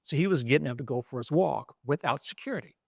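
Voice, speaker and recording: A middle-aged man from East Baltimore, a journalist telling an animated anecdote in an interview, with frequent restarts. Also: medium pitch, fast, gravelly, slightly rough, no room sound, studio quality. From East Baltimore, USA.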